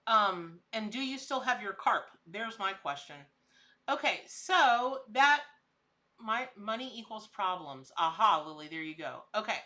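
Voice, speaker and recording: A woman's voice: mid-range voice, expressive, unhurried, pushed and bright. A middle-aged woman hosting a casual live-stream tarot reading. She chats with viewers, calls them by name as she answers the chat, and laughs often. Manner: laughs often, with frequent restarts.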